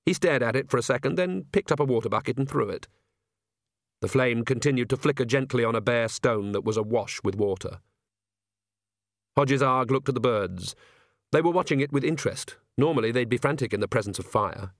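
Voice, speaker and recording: A man narrating a story in a measured, even way. His voice sits mid-pitch and sounds dry and close to the mic. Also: no room sound. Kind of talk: audiobook narration.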